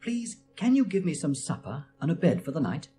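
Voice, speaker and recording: A woman voicing a tired, hungry young boy who pleads softly. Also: deep voice, sing-song, fairly quick, soft background music. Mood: pleading. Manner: soft, weary pleading.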